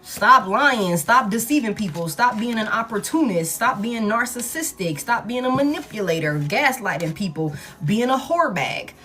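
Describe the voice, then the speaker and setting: A woman's voice: on the high side, sing-song, normal speed, hardly any pauses, fairly bright tone. Blunt, profane woman tarot reader. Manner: blunt, profane, emphatic repetition. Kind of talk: casual tarot reading monologue.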